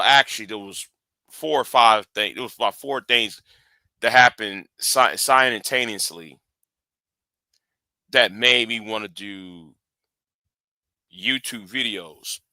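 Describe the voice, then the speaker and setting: A tired man hosting a casual live stream after work, rambling and halting with many fillers and restarts. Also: lowish voice, sharp tone, no echo.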